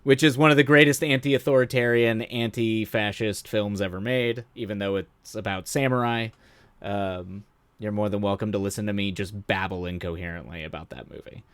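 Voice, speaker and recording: This streamer host has a lowish, clear, resonant voice that is a bit bright, with fairly even intonation and normal speed. His casual live-stream chat wanders as he trails off, interrupts himself and keeps laughing at his own tales. The recording is dry.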